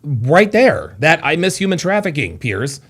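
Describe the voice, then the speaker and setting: A man's voice: on the high side, very animated, measured pace, breathy edge. A man hosting a live reaction show, heated and exasperated, cursing and repeating himself as he argues with a clip. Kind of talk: animated reaction commentary.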